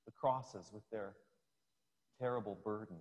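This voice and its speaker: Slow-speaking male preacher in a hall. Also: on the low side, darkish tone. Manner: storytelling, unhurried, pictures scenes for listeners. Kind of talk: sermon. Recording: long hall reverb.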